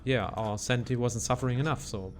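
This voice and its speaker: Brief: let's play host, mid pitch, casual muttered reactions, faint game ambience in the background. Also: male voice, fairly even intonation, fast talker, a little hiss or hum. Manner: muttering reactions and self-corrections. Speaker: gaming channel host.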